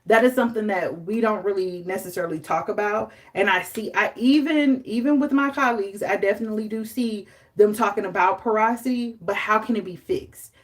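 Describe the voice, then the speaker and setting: A young adult woman hosts a casual live stream about hair care. She talks in a chatty, animated way at an average pitch. Her manner is loose and conversational. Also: a little fast, hardly any pauses. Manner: chatty, animated, dramatizes stories with laughter.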